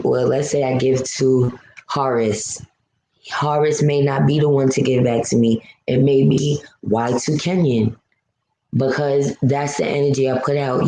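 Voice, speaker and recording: A woman's voice: extremely low pitch, dark tone, reverberant, slight background noise, low-quality recording. A woman from New City, hosting a live stream and venting to viewers in a blunt, emotional, profane way. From New York City.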